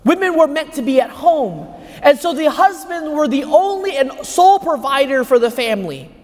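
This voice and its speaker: A man with a high voice preaches a homily. He drives his points home with rhetorical questions, and his voice rings with the long reverb of a large church. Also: lively intonation, normal speed, a little mellow. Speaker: homilist at Mass. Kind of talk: sermon. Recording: echoey church hall.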